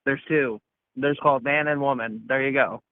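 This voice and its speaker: A caller with a medium-pitched, steady voice and moderate pace phones in for a casual debate, arguing bluntly and scoffing while talking over the other speaker. The call line sounds tinny and phone-like, with no echo.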